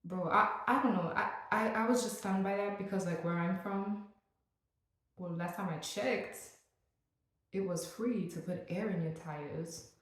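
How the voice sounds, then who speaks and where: A woman's voice: mid-range voice, measured pace. A young woman vlogging in a casual, joking rant, full of playful asides. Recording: very echoey room.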